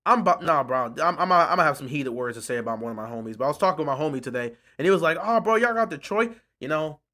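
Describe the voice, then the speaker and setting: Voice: medium pitch, racing, bright, forceful tone. A sports fan streaming a live reaction, ranting in a frustrated, sarcastic way and repeating points over and over.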